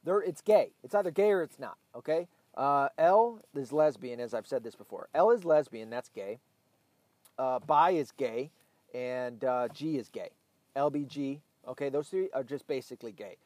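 A man's voice: mid-range voice, moderate pace, darkish tone, no echo. A man delivering a casual opinion monologue, rambling and swearing often, with heated, emphatic stretches. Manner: rambling and profane, with frequent restarts.

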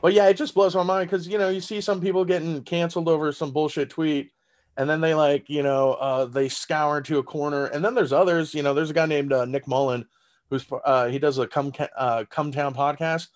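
A man's voice: a little high, steady tone, brisk. A man with a Southern accent, a stand-up comedian in casual podcast chat who laughs often and talks loosely with lots of fillers and swearing. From Texas.

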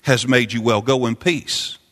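Impassioned preacher in a reverberant hall. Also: male voice, mid-range voice, fairly even intonation, measured pace, fairly bright tone. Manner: impassioned, repetitive, rising to sung peaks. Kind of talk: sermon.

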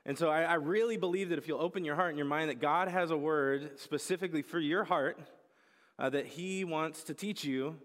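Young pastor guy, jokey and chatty, kinda high voice, big echoey church hall. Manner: casual, joking, storytelling. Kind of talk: sermon. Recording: reverberant hall.

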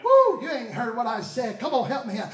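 A pastor preaching a sermon in a church. He calls out to the congregation and breaks into shouts. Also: extremely high pitch, big pitch swings, fairly quick, faint music behind. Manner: call-and-response preaching with shouted bursts. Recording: echoey church hall.

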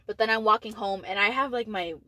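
In a low-quality recording with no echo, a late-teen girl from Texas tells a school story while co-hosting a podcast. Her medium-pitched voice is fast and sharp-toned, and her casual chat rambles with lots of "like" and frequent swearing.

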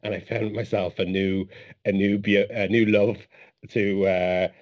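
A man's voice: lowish voice, level tone, measured pace, darkish tone. A man talking football in a casual chat, enthusiastic and effusive.

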